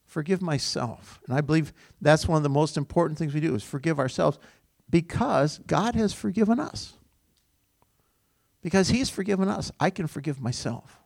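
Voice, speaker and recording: A middle-aged male pastor preaches in a loose, chatty storytelling way, chuckling now and then. His voice is on the higher side with a gravelly fry. The sound is dry and close, with no room echo. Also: normal speed, a little mellow. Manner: conversational, rambling storytelling with chuckles. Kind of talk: informal sermon.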